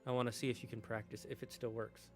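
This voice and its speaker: Male streamer, mid-pitched voice, relaxed rambling chat, affectionate tone. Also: fast, soft background music. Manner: chatty, rambling, affectionate with his cat. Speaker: gaming streamer. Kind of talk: casual chat.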